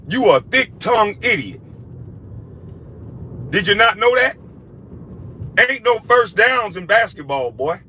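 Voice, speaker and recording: A former basketball player ranting at someone with insults and mockery. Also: male voice, high voice, bright, forceful tone, breathy edge. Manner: insulting, mocking, profane. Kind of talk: profane rant in a played clip.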